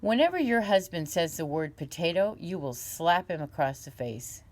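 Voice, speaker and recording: A woman reading aloud and voicing a sly male psychiatrist, who talks in a slow, soft, hypnotic murmur. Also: lowish voice, animated, natural voice. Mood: quiet.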